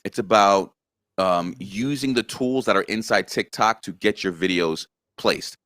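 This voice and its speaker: A man's voice: lowish voice, a little slow, fairly bright tone, no echo, clean studio sound. A man guest on a casual interview chat, earnestly explaining things step by step. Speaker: guest content creator.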